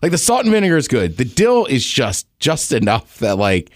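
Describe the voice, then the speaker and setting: A man's voice: mid-range voice, huge pitch swings, normal speed, no echo. Rambling man on a dry podcast mic. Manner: rambling, lots of "like", laughs often. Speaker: podcast co-host. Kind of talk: casual sports chat.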